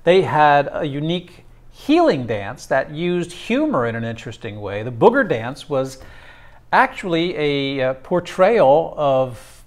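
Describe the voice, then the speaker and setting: A male instructor giving a classroom lecture, talking haltingly with many fillers and restarts. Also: a little high, big pitch swings.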